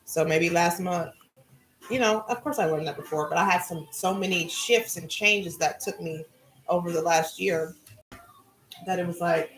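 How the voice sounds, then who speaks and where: A middle-aged woman musing about spirituality and reading cards in a relaxed, conversational way. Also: fairly low pitch, normal speed, echoey room, a little hiss or hum, low-quality recording. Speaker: spiritual card reader. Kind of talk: casual spiritual talk.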